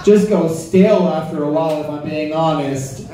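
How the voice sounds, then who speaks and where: A man with a fairly high, dark-toned voice does a crude, conversational stand-up set at a club, teasing the crowd at a normal speed. The sound is roomy and distant, with the audience audible and laughing in the background.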